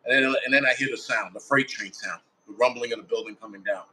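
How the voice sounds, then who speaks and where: A man's voice: medium pitch, fast talker, bright, forceful tone, poor audio. A man, a firefighter guest, telling a story in a blunt, casual way with heavy swearing, acting out his own quoted thoughts. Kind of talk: casual first-person storytelling.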